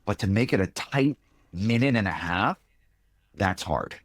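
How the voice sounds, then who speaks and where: A man co-hosting a casual podcast, speaking emphatically and slowing down to stress his points. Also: lowish voice, expressive, no echo. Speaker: podcast co-host.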